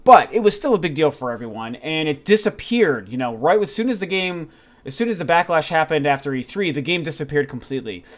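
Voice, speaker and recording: Excitable man giving candid game opinions. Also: fairly high pitch. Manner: candid and excitable, with frequent fillers and some swearing. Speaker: gaming news video host. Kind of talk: casual opinion commentary.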